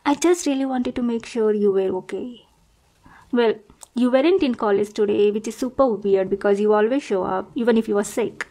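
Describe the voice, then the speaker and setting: A young woman voicing an obsessive, sweetly possessive stalker girl in a whispered role-play, coaxing and softly menacing. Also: on the high side, moderate pace. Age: young adult. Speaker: roleplay performer.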